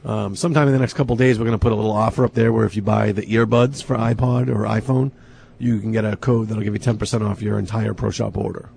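A man losing his voice, quickly giving a store promo on a casual radio chat. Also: fairly low pitch, steady tone, gravelly, darkish tone, a little hiss or hum. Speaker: pro shop representative.

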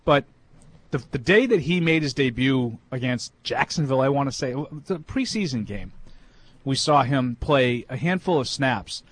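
A man's voice: mid-range voice, lively intonation, moderate pace. A man co-hosting a sports talk show, chatting through anecdotes about the studio and about games he watched.

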